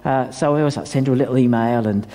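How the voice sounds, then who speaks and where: A male pastor delivering a sermon in a church hall, emphatic and animated, with asides to the congregation. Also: mid-range voice, fast.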